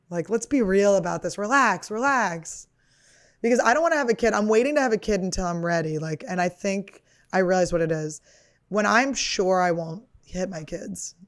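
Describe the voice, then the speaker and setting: Hosting her podcast, a comedian in her thirties wanders through a casual confessional monologue, cursing, poking fun at herself and using plenty of fillers. She has a lowish voice and speaks at a moderate pace.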